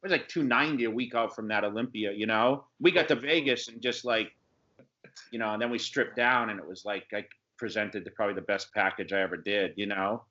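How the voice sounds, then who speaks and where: A male bodybuilder hosting, telling stories in a relaxed, rambling way with lots of fillers. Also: fairly low pitch, a little fast, highs cut off. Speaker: bodybuilder, host of the channel. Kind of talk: casual reminiscing chat.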